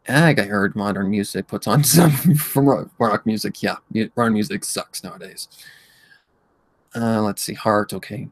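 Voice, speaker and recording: A man's voice: on the low side, dry recording. A man chatting casually on a livestream, rambling and swearing while he reads the chat aloud and hums to himself as he scrolls. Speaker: livestream host.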